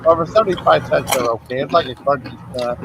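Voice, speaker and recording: A man's voice: mid-range voice, quick pace, vocal fry, noisy background. A man hosting a livestream, rambling through personal stories in a casual way, often restarting and getting worked up. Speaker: livestream host.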